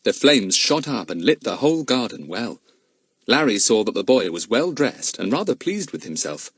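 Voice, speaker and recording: A man narrating a children's audiobook in an expressive storytelling manner. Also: medium pitch, normal speed, slightly rough, no echo, clean studio sound. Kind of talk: scripted narration.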